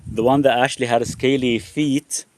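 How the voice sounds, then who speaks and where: A man's voice: mid-range voice, fairly even intonation, moderate pace, darkish tone, slight background noise. A man hosting a casual live Q&A outdoors in a backyard with chickens. He rambles, restarts his sentences and leans on the word "actually". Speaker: host.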